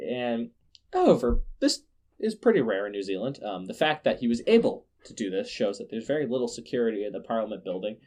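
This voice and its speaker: A man hosting a casual news podcast, sarcastic and quick to laugh, often restarting his words. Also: mid-range voice, big pitch swings, a little mellow. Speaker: podcast host.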